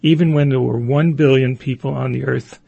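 A man's voice: mid-range voice, fairly even intonation, normal speed, gravelly, warm tone, slightly rough, no echo, lo-fi sound. A man hosting an interview and asking probing, direct questions. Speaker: interview host.

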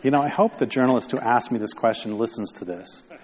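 A man's voice: mid-range voice, quick pace, a faint crowd. A man giving a conversational public talk to an audience, rambling and wry, often interrupting himself. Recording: long hall reverb.

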